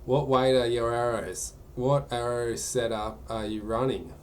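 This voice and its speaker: A man's voice: medium pitch, fairly even intonation, a little slow, darkish tone. A man chatting casually during a live gaming stream, answering viewer questions in a rambling way.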